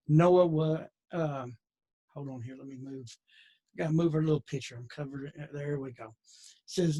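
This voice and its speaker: A man teaches scripture in a relaxed, conversational way. His voice is a touch high and husky. He wanders off on side remarks and restarts his sentences often. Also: normal speed. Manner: folksy and digressive, with many restarts. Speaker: Bible teacher. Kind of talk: conversational Bible lesson.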